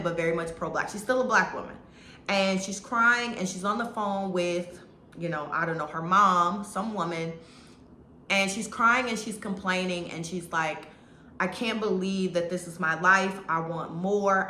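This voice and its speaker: A woman's voice: on the low side, bright, forceful tone, a little hiss or hum. A woman chatting through a movie review in a casual, rambling way, full of restarts and fillers. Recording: echoey room.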